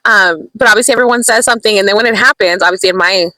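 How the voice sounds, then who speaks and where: A bright, sharp-voiced young woman rattles off a casual storytime vlog at a quick clip. She is animated and excitable, jumping into little asides to her viewers. The sound is dry and close. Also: mid-range voice, dry recording, low-quality recording. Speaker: vlogger. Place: in a parked car.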